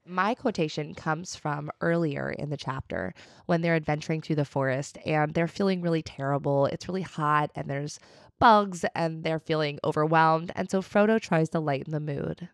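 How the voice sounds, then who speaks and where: A woman's voice: sits low, moderate pace, no room sound, studio quality. A young adult woman co-hosting a podcast in a playful, casual, mock-dramatic way. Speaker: podcast co-host. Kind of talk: casual chat.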